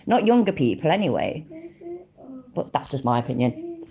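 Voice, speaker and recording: Brief: a woman in her late forties, low-pitched but lively, blunt and sweary in casual reaction chat. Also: moderate pace. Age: 40s. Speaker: streamer reacting to clips.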